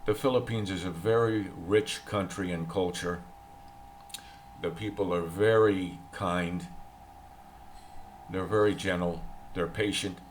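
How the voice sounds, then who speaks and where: A man's voice: deep voice, fairly even intonation, slow pace, pauses often, slight background noise. A man from the United States, older, talking in a rambling, opinionated vlog monologue and repeating himself. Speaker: vlogger. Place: in the Philippines.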